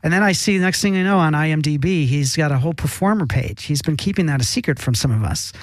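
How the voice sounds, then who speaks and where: A man's voice: fairly high pitch, quick pace, no room sound. A man hosting an interview, teasing his guest in an upbeat way. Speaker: host, interviewer. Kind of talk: casual interview chat.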